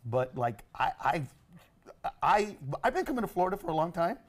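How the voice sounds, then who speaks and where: High-voiced, animated male comedian. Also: normal speed. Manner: animated, laughs often, slips into voices. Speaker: stand-up comedian guest. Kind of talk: casual TV chat. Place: TV studio.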